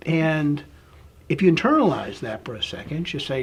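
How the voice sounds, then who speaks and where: A man being interviewed, walking through a long hypothetical scenario in a relaxed, storytelling way and often checking in with "right?". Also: fairly high pitch, normal speed, breathy edge. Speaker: interviewee, business founder.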